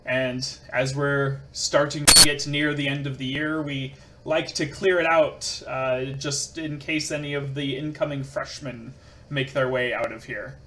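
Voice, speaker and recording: A man's voice: mid-range voice, little pitch movement, a little slow, background noise, lightly acted. A man voicing a laid-back male combat teacher who gives offhand, casual instructions. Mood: explaining.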